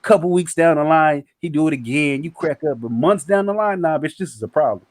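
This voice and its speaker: A man's voice: a little high, a little fast, dry recording. Guy on a podcast telling a wild story, cussing, doing the voices, dry close sound. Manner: animated, profane, acts out quotes. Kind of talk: casual storytelling.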